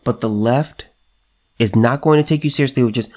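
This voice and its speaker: A man's voice: mid-range voice, a little fast, darkish tone. Emphatic man on a solo commentary show. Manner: emphatic and repetitive, restarts often, reads news aloud.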